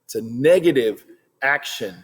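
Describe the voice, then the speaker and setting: Animated man teaching in a reverberant hall. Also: mid-range voice, a little slow, husky. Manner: animated, acts out little quoted voices. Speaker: Christian teacher. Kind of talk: video lesson on body language.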